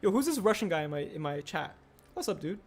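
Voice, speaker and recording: A man's voice: high voice, very animated, fast. A young man streaming casually, rambling and answering chat aloud as he builds. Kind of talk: casual livestream chat while building a set. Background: faint music.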